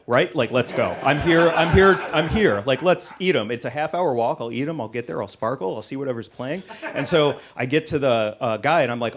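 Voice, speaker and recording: A man doing a stand-up set, telling a story in an animated way that gets louder and higher at the punchlines. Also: a little fast, few pauses, background noise. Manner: animated storytelling, rising loud and high at punchlines. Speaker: stand-up comedian. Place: comedy club stage with live audience.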